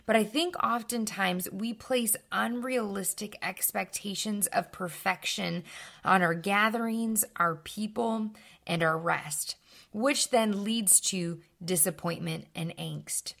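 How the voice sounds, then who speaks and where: A young adult woman giving calm, earnest advice, slowing down to stress key words. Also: mid-range voice, gravelly. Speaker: speaker giving life advice. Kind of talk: calm scripted talk to camera.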